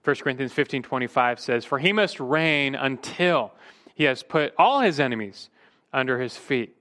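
A man's voice: mid-range voice, expressive, normal speed, bright, forceful tone. A male pastor preaching a sermon emphatically, his voice rising and dropping for emphasis, sometimes restarting a word mid-phrase.

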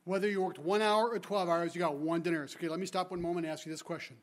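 A man preaching a sermon as a guest speaker, retelling the story with lively energy and asking the congregation rhetorical questions. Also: sits high, rapid-fire. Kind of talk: expository sermon.

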